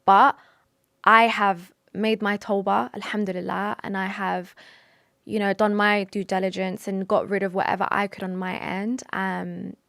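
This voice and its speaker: Young woman, heartfelt vlog talk, soft sighs, mid pitch, dry room. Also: level tone, unhurried, vocal fry, no room sound. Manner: earnest and emotional, with sighs and restarts; mixes in Arabic religious phrases. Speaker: vlogger. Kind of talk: personal confessional talk to camera.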